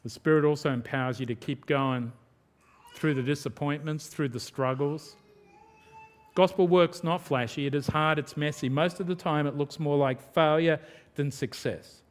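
A pastor preaches in a relaxed, conversational way, often slipping into little acted-out quotes. His voice sits a bit higher than most men's. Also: moderate pace, soft background music. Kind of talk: sermon.

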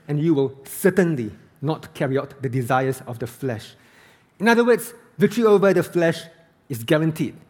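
A man's voice: fairly high pitch, a little mellow, breathy edge. A man preaching an earnest, emphatic sermon as a pastor, reading scripture aloud.

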